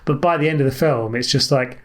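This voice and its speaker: A podcast co-host giving background on films in an easy, chatty way. His voice has an ordinary mid-range pitch, and filler words run through his talk. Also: a little fast. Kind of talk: casual film discussion.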